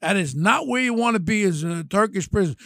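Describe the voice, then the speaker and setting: An older man, hosting a podcast and telling crime stories in an animated, brash way. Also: sits high, a little fast, creaky, dry recording, clean studio sound. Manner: animated, brash storytelling, acts out quotes. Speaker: podcast host. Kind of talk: storytelling chat.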